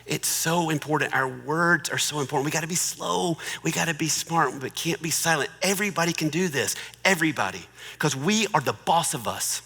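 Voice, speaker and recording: A man's voice: on the high side, fairly quick, gravelly, husky, in a large hall. A middle-aged man giving a humorous marriage talk in a joking, conversational way. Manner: joking, conversational, warmly persuasive. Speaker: marriage speaker.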